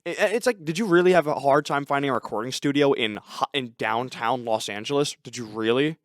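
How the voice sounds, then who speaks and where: A podcast co-host chats casually in a sarcastic way, mocking characters by putting on voices. His medium-pitched voice is brisk and fairly bright, recorded dry at studio quality.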